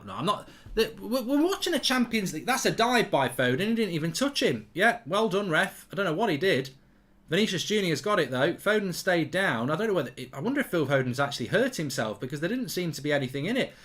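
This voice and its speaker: A middle-aged man hosts a live football watchalong, reacting to the match with quick, jokey asides. His voice is lively and bright, and it jumps around a lot in pitch. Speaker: host.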